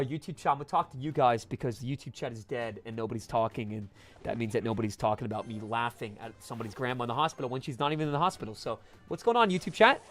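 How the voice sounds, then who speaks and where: A man streaming live, chatting casually with viewers and swinging from mumbled asides to loud, laughing protests. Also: mid-range voice.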